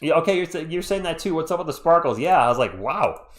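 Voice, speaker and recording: A fast-talking man with an expressive voice on the high side hosts a fan basketball live stream. He calls the plays, chats with viewers and reads their messages between calls, sounding a bit congested.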